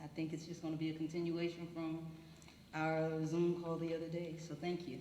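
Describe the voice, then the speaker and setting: A woman's voice: deep voice, monotone, brisk, warm tone, a little hiss or hum. Woman, scientist panelist, chatty and proud, echoey hall, faint ambience. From Atlanta, USA. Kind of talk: panel self-introduction. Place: church hall.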